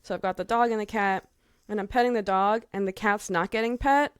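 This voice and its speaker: A woman's voice: medium pitch, fairly even intonation, brisk, clear, resonant tone, no echo, clean studio sound. A young woman co-hosting a podcast, chatting casually in a frank, emphatic way. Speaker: podcast co-host. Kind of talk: casual chat.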